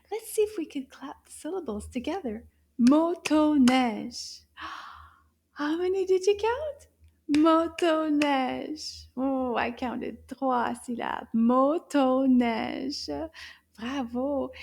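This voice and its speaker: A woman with a high voice teaches a children's lesson at an unhurried pace. She talks in a gentle sing-song, stretches each word out slowly and cheers the little ones on as they repeat after her. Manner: sing-song, encouraging, drawn-out syllables. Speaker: French teacher for kids. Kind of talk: slow, clear children's lesson with repetition.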